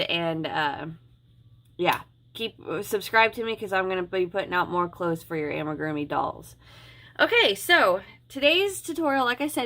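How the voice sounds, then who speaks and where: A woman hosting a homemade crochet tutorial, talking in a loose, rambling way with plenty of ums and false starts. Her pitch sits in a middling range for a woman. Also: sharp tone. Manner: chatty and rambling, with frequent ums and restarts. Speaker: crochet channel host. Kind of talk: casual tutorial talk.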